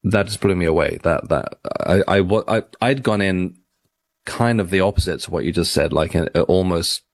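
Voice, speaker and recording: A man's voice: sits low, moderate pace, creaky, no echo. A man, a podcast guest, talking in a rambling, reflective way with many restarts. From United Kingdom. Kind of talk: casual interview talk.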